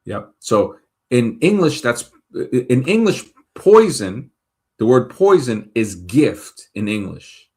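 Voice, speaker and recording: A man's voice: medium pitch, very animated, slow pace, a little mellow. A man from Brooklyn, hosting a show and talking casually, rambling and thinking aloud as he checks facts mid-sentence. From Brooklyn, New York. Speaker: show host. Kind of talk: casual monologue.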